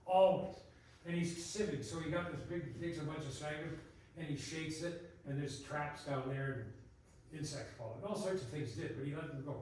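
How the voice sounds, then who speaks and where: An older male botanist, a guest speaker at a public talk, tells rambling stories packed with tangents and laughter in a rather high, slightly mellow voice at normal speed. The distant mic picks up an echoey room and a little hiss or hum.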